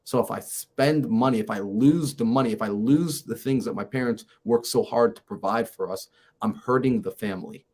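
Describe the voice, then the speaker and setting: Animated man telling a story. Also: medium pitch, normal speed, husky. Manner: lively, acts out conversations in his stories. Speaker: mindset coach, podcast guest.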